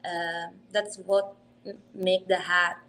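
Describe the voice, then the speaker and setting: A woman in her twenties with an Italian accent, speaking English as a second language in a casual interview, earnest and quick to laugh. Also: fairly low pitch, flat delivery, a bit bright, slight background noise, poor audio. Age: 20s. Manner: earnest, laughs easily, slight non-native phrasing. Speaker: hat company owner.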